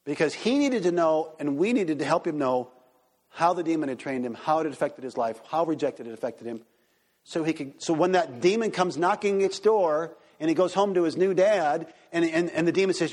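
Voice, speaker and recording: A man pastor teaching a church group and taking questions, animated and acting out quoted voices. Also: fairly high pitch, a little fast. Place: church hall. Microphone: handheld microphone. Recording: reverberant hall.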